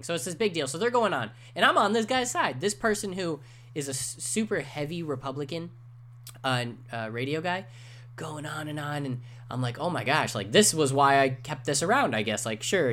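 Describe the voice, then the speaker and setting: A man's voice: mid-range voice, sharp tone. Male podcast co-host, 20s, rambling storyteller, casual and profane, lots of fillers. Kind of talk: casual chat.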